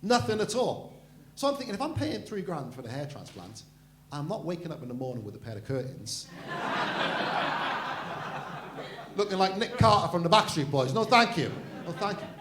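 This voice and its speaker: A man's voice: fairly high pitch, big pitch swings, normal speed, long pauses, background noise. A middle-aged man hosting a stand-up comedy night, joking crudely and bantering with the crowd. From Wales. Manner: cheeky, crude banter with the audience. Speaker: comedy host. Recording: echoey room.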